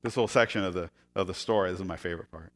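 A man preaching a sermon, retelling a scripture story with sarcastic jokes, laughing now and then and acting out the quoted lines in shifting voices. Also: rapid-fire. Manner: acts out quoted speech in higher and lower voices. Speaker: pastor.

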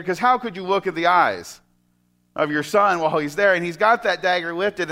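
A male preacher with a fairly high voice who tells a scripture story in a sermon. He draws listeners in, and his voice often sinks to a soft hush. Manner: storytelling, often drops to soft, hushed tones.

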